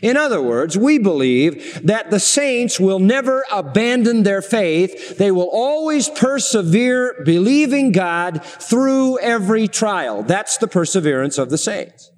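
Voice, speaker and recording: Man, sermon, high voice, slow emphatic repetition, long hall reverb. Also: big pitch swings. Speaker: preacher.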